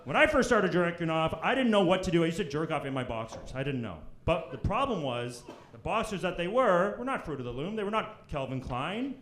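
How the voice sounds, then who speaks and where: A young Canadian man doing a crude, brash stand-up set on a club stage, jumping into loud high voices when he quotes people. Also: big pitch swings, fairly quick, hardly any pauses. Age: young adult. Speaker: stand-up comedian. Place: comedy club stage before a live audience. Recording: echoey room with crowd laughter.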